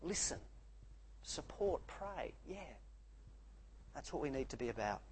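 A man preaching a sermon, swinging between soft, quiet lines and loud, animated outbursts. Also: medium pitch, a little slow, slight background noise, poor audio.

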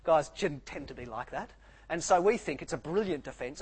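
Husky animated male preacher. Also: fairly high pitch, moderate pace, poor audio. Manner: animated, swings from soft to loud. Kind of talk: sermon.

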